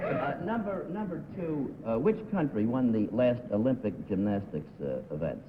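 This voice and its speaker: A man's voice: medium pitch, very animated, moderate pace, background noise. Man, game show panelist, dry wit, hesitant, tinny old TV sound, hall echo. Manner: wry, dry jokes, hesitant fillers. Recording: tinny 1950s TV broadcast with hall reverb.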